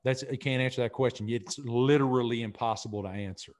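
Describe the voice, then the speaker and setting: A middle-aged man with a Southern accent, a guest in a podcast interview, talking in an earnest, energetic way and often repeating himself. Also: medium pitch, quick pace. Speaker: podcast guest, sports broadcaster. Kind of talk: casual interview talk.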